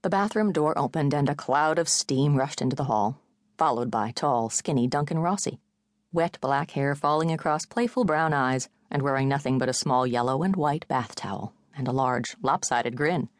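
A woman with a low voice reads contemporary fiction in a measured, steady way. The recording is dry and close, with no room around her. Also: dry recording. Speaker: audiobook narrator. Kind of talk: scripted narration.

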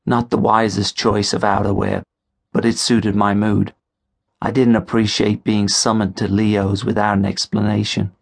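A man narrates an audiobook in the first person, moving through the story at a measured pace. His voice is low, with a gravelly fry running through it.

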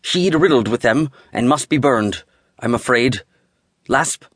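A man's voice: medium pitch, expressive, a little slow, a bit bright, no echo, clean studio sound. A man voicing a weary older wizard who speaks in a grave, matter-of-fact way. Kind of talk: audiobook character voice.

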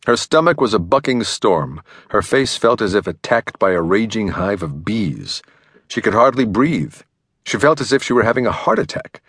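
Expressive low-voiced male narrator. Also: husky, no echo. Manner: dramatic, expressive reading. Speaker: audiobook narrator. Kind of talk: scripted narration. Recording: dry studio recording.

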